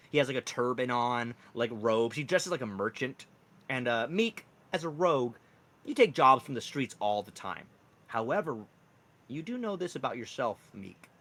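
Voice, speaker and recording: A man's voice: mid-range voice, fairly bright tone. A man narrating as dungeon master in a casual, rambling way. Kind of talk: narrating a tabletop game.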